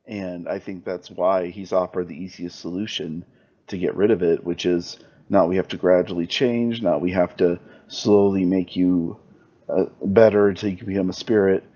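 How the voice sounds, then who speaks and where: A man taking part in a casual book discussion, explaining his view in a thoughtful, measured way. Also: sits low, darkish tone, muffled recording. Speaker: participant in a group discussion.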